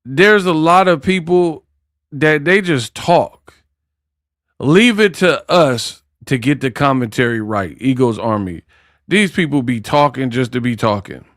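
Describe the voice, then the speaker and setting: A man's voice: medium pitch, lively intonation, unhurried, fairly bright tone, no room sound, studio quality. A man hosting casual boxing commentary, trash-talking and joking. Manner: trash-talking, joking, breaks into song and mock accents.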